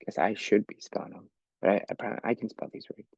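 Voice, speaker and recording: A man's voice: lowish voice, fairly even intonation, quick pace, creaky, darkish tone, husky, no echo, lo-fi sound. A man teaching an English lesson for learners, explaining patiently step by step and often checking with "okay?". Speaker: ESL teacher.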